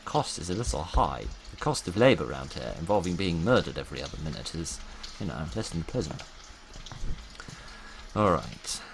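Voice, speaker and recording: A deep-voiced man talks through a game in a wry, rambling patter, muttering to himself as he works out each step. Noise sits clearly behind his voice. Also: sing-song, moderate pace. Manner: wry, chatty, talks to himself while playing. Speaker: gaming YouTuber. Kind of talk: casual let's-play commentary.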